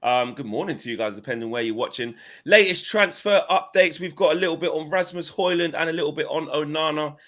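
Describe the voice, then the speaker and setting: A man's voice: on the high side, a little fast, few pauses. A man co-hosting a casual chat show, talking loosely and with energy. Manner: animated, chatty, loose phrasing. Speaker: co-host of fan channel.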